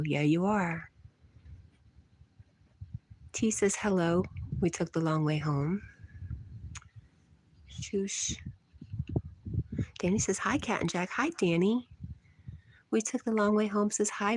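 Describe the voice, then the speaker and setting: A woman's voice: lowish voice, a little mellow. A middle-aged woman hosting a casual livestream from her porch, reading chat comments aloud, teasing and laughing often.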